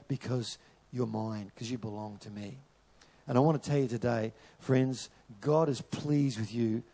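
A man preaching a sermon in a church, animated, repeating words and drawing in the audience. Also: on the high side. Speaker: pastor.

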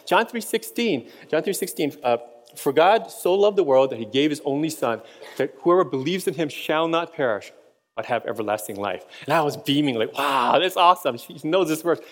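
High-voiced man preaching in a reverberant hall. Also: animated, brisk. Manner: storytelling, chuckles between points. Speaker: pastor. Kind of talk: sermon.

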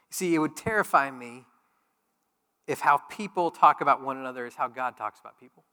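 Male pastor, sermon delivery, bright and somewhat high voice, long hall reverb. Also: moderate pace, clear, resonant tone. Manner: animated preaching, rising to loud emphatic peaks.

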